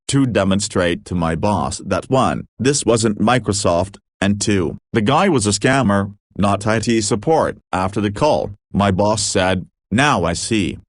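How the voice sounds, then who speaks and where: A man narrating written stories in an even, matter-of-fact reading. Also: fairly low pitch, no room sound, clean studio sound. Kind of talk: scripted narration.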